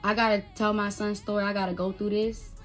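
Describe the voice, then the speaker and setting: Faint music plays behind a woman with a mid-range voice who talks briskly and with little pitch movement. As a mother recounting her son's story in an emotional vlog monologue, she is blunt and profane, recreating dialogue through direct quotes.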